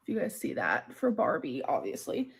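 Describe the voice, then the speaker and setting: A woman's voice: sits low, huge pitch swings, normal speed. A woman narrating a clothing try-on haul video in a bubbly, gushing way, often calling things cute and saying "like". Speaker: vlogger doing a clothing haul.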